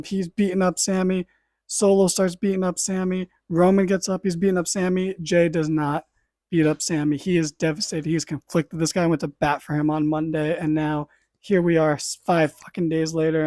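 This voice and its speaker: A man's voice: fairly high pitch, no echo. Man animatedly recapping, dry close sound. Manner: animated play-by-play retelling with asides and swearing. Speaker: podcast host. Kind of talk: casual wrestling recap.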